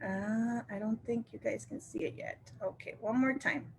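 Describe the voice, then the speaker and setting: A woman's voice: fairly high pitch, moderate pace, darkish tone, a little hiss or hum. An older woman, a sales representative, telling a casual story to viewers on a live video, laughing often and acting out what her friends said. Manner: chatty, laughs often, acts out quoted friends.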